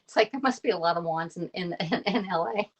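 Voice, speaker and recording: A woman's voice: fairly low pitch, fast, slightly rough. A woman in her thirties from Pennsylvania chatting casually with viewers while cooking on a live stream, laughing often and greeting people by name. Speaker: cooking live-streamer and kitchen tools consultant.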